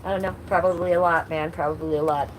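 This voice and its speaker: A woman's voice: fairly low pitch, steady tone, fast talker, slight background noise. A woman in her fifties hosting a casual livestream, reading chat aloud and cursing at rude commenters. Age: 50s. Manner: blunt, swears at rude chatters; sing-song baby talk to her cat. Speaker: livestream host.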